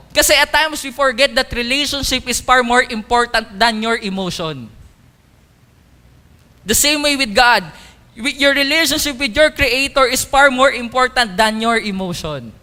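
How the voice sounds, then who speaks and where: An animated Filipino man preaches a sermon, his voice high and very bright, with a clear, resonant tone. He hops between Tagalog and English and drives his points home with emphasis. Long reverb from a large church hall hangs behind every line. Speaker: pastor.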